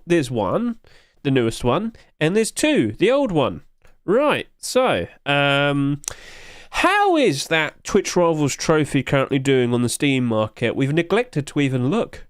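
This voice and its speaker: A man live-streaming in a casual, chatty way, joking and reading questions from chat. His voice sits a little higher than most men's. The sound is close and dry, with no room echo. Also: big pitch swings, unhurried. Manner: chatty, jokey, answers chat and laughs often.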